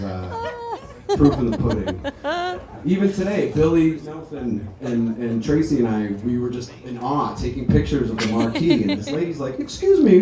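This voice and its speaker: A man, the son of the deceased, giving a memorial speech in a ballroom, telling chatty, animated anecdotes. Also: medium pitch. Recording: echoey hall, speaker heard from a distance.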